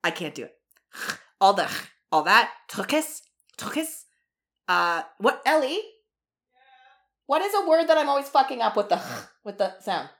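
A woman hosting a podcast in casual chat, bubbly and expressive. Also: a little high, normal speed, gravelly, long pauses. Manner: bubbly, expressive, laughs often. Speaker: podcast host.

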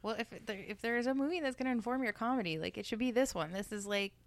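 A woman's voice: a little high, fast, no echo. A woman hosting her podcast in casual chat, with a dry, teasing way of talking. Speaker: podcast host.

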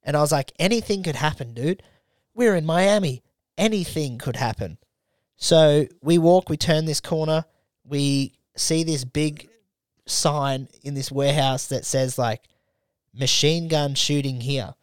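A man's voice: fairly high pitch, unhurried, no room sound, studio quality. A young Australian man co-hosting a podcast, telling a travel story in casual chat, swearing freely and acting out his mates' lines. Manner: swears freely, acts out friends in quoted dialogue. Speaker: podcast co-host.

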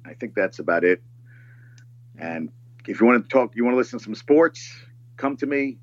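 Excitable man, slightly dull remote audio. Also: mid-range voice, normal speed. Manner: excitable, animated storytelling, swears. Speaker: podcast guest. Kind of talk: casual podcast chat.

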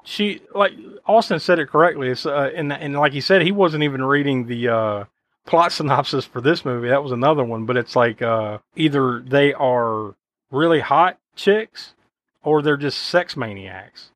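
A man hosts a casual film podcast, rambling through his points with plenty of fillers and swearing. His voice sits in a middle pitch and is recorded close and dry, with no room sound. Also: normal speed, a bit bright, no room sound. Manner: rambling, profane, with frequent fillers. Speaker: podcast host.

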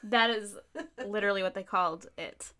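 A woman's voice: mid-range voice, moderate pace, sharp tone. A woman co-hosting a podcast, chatting casually and teasing with frequent laughter. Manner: giggly, teasing. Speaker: podcast co-host. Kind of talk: casual chat.

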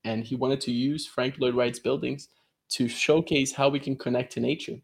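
A man's voice: mid-range voice, steady tone, normal speed, vocal fry. A man explaining his work over a video call, enthusiastic, laughing often and peppering his talk with "you know". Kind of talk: casual explanatory chat.

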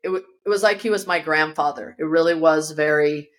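A woman's voice: deep voice, a little fast. A woman guest in an interview, telling a personal story vividly and acting out the voices of the people in it, recorded in her yoga studio. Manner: vivid storyteller who acts out quoted voices.

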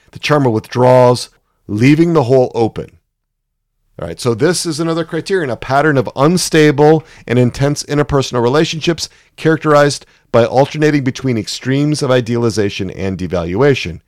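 A man's voice: medium pitch, darkish tone, no room sound, clean studio sound. A man teaching through a case story. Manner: storytelling, often checks in with "right?". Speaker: psychotherapy teacher.

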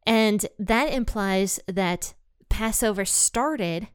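A woman's voice: medium pitch, extremely slow, clear, resonant tone, no echo, studio quality. A woman hosting a Bible podcast from home, chatting casually and upbeat with listeners and reading scripture aloud. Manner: chatty and upbeat, laughs easily. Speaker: podcast host.

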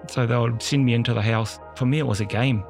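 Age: young adult. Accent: New Zealand. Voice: gravelly, relaxed. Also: male voice, mid-range voice, fast, soft background music. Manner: relaxed, candid, laughs easily. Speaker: podcast guest. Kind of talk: personal storytelling.

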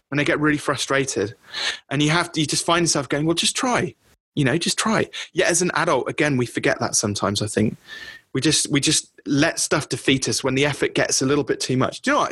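A man's voice: medium pitch, pushed and bright, breathy edge, no echo. A middle-aged man coaching business owners on a group call, in a conversational way that keeps checking in with the listeners. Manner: conversational, often checks in with "okay?".

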